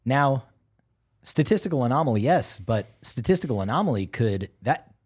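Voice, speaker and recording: A man co-hosting a casual podcast, swearing often as he tells a rambling, animated story. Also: medium pitch, normal speed, husky. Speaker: podcast co-host.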